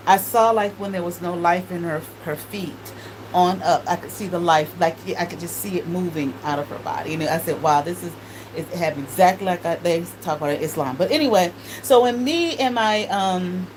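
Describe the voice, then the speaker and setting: A woman's voice: mid-range voice, a little mellow, rough recording. Woman in her forties, casual profane storytelling, frequent laughter, faint background noise. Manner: profane, laughs often, quotes others in voices. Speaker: tarot reader and channel host.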